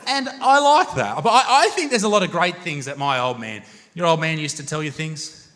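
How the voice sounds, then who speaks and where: Brash Australian stand-up comic, young, bright forceful voice, crude and profane. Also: male voice, fairly high pitch, animated, normal speed. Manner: crude, swearing, brash storytelling. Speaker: stand-up comedian. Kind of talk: stand-up comedy set. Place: comedy venue stage with live crowd.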